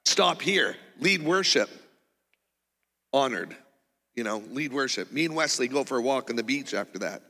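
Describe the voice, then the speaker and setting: A man telling a personal testimony from the pulpit in an animated, rambling way, with many restarts. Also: mid-range voice, brisk. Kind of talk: testimony sermon. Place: church auditorium. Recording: long reverb of a church hall.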